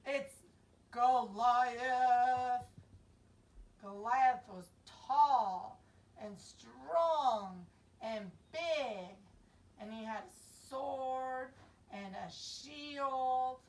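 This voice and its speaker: A young woman teaching a children's Bible lesson, telling the story slowly and expressively and acting out voices and sound effects. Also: fairly high pitch. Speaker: children's Sabbath school teacher. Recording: distant mic with faint room noise.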